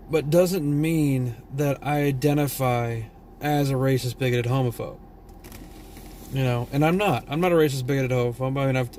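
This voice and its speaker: A man's voice: medium pitch, a little mellow, slight background noise. A tired man from Texas with a Southern drawl, vlogging a blunt, profane, rambling rant. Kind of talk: casual opinion rant.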